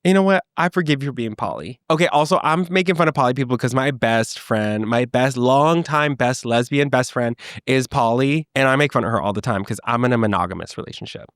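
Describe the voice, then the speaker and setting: Sassy, animated young man, dry sound. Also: medium pitch, brisk, few pauses, no echo. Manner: animated, sassy, reacts and jokes freely with swearing. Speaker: podcast host. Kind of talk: solo comedic podcast chat.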